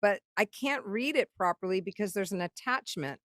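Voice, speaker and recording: A middle-aged woman, a songwriter and keynote guest, telling a story in casual talk. She is animated, swears freely and acts out what other people said. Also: mid-range voice, moderate pace, dry recording, clean studio sound.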